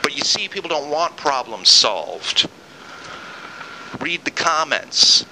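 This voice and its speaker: A man rants angrily on his own podcast, his voice very bright and edged, pitched a little high. He swings into sarcastic mock quotes of the people he argues against. A faint hiss sits under the recording. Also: big pitch swings, slow, rough recording. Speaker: podcast host. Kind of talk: solo political rant.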